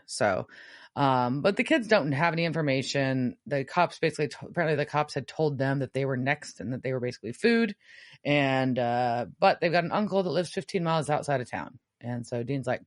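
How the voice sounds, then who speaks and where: Woman podcast co-host, low lively voice, chatty recapper. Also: fairly quick, no echo, clean studio sound. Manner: chatty recapping with many fillers. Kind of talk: casual episode recap.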